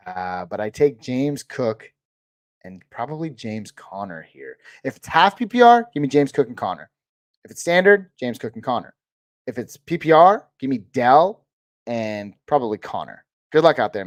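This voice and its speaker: A man hosting a live-stream Q&A, answering viewer questions in a relaxed, chatty way and calling people dude and man. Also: medium pitch, moderate pace, no echo. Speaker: host of a live fantasy football Q&A stream.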